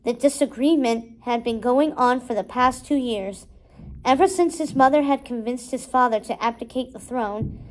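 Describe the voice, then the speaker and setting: A woman reading a storybook aloud with steady, expressive narration. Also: a little high, normal speed, rough recording. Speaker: storybook reader.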